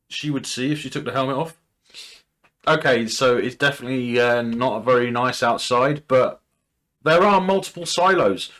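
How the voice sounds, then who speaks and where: A man's voice: medium pitch, fairly bright tone. A man hosting a TV reaction video, casually thinking aloud and speculating, often restarting his sentences.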